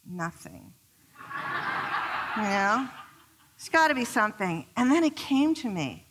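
A woman relationship expert giving an animated talk to a live audience, telling personal stories and asking the crowd questions. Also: fairly high pitch, moderate pace, background noise.

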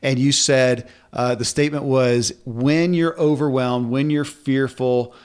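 A man hosting a podcast interview, who listens with short, relaxed affirmations and then asks his questions. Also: mid-range voice, unhurried, clear, resonant tone. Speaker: podcast host.

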